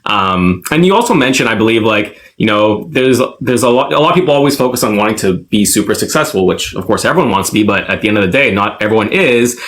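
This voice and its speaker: Lower-voiced relaxed male host. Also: fast talker, few pauses. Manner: relaxed, rambling questions with fillers. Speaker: interview host. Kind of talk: casual interview.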